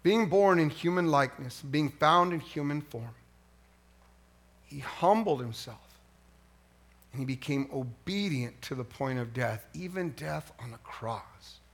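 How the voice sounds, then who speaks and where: A middle-aged man preaching a sermon as pastor, animated and swinging from hushed lines to near yelling. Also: a little high, measured pace.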